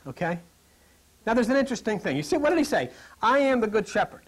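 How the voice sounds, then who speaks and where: Animated husky-voiced male preacher. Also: high-pitched, fast talker. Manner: animated, jokey, drops to whispers for emphasis. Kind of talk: lively sermon to a live congregation.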